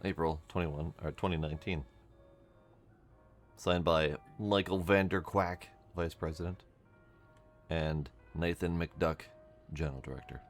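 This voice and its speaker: A man's voice: very deep voice, fairly even intonation, a little slow, long pauses, soft background music. A man streaming a game, giving wry, mumbly running commentary and reading the on-screen text aloud. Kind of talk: casual gameplay commentary.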